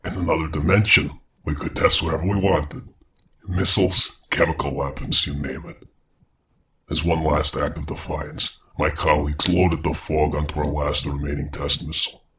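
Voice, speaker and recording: Guy doing a super deep unhinged scientist, british accent, bit of noise behind. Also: steady tone, normal speed, a bit bright. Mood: vengeful. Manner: grave, erratic, swings to frantic outbursts. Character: manic vengeful male scientist, armored, erratic. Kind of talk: horror audio story.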